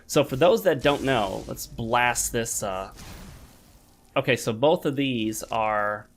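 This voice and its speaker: A man's voice: medium pitch, takes it slowly, slight background noise. Man with a mid-range voice, gaming host who rambles chattily to viewers between moves. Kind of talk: casual gameplay commentary. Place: home gaming desk.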